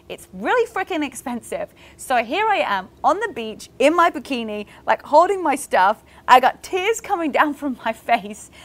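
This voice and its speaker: A woman's voice: on the high side, a bit bright. A woman hosting a podcast, talking casually and candidly to her listeners and encouraging them, with many "like" fillers. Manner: encouraging, speaks to listeners directly. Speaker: podcast host. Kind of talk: casual motivational podcast talk.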